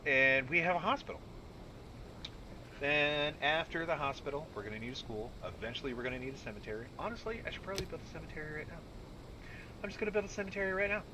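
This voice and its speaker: A man doing casual let's-play commentary, talking to himself with sudden shouts and mutters. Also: on the high side, fast talker, background noise. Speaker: gaming YouTuber.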